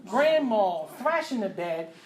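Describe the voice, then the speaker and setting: A middle-aged woman, telling a personal story as a mother. She talks in a lively way, acting out voices and sound effects with loud bursts. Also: medium pitch, takes it slowly. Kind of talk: animated storytelling to an audience.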